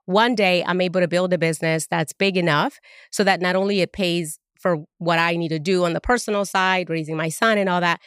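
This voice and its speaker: Woman from Honduras, interview guest: earnest and reflective, with a smooth, lowish voice. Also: fairly even intonation, a little fast, a bit bright, dry recording, studio quality. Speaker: guest, marketing consultant. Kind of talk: casual interview talk. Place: studio.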